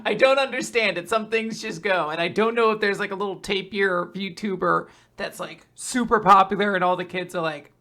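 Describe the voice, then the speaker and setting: A woman's voice: mid-range voice, moderate pace, few pauses, fairly bright tone. A woman co-hosting a podcast, rambling in casual chat and swearing freely. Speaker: podcast co-host.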